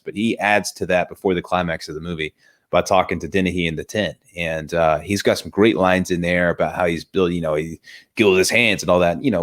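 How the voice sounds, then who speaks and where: A man hosting a casual movie review chat, enthusiastic and rambling, often restarting his sentences. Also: sits low.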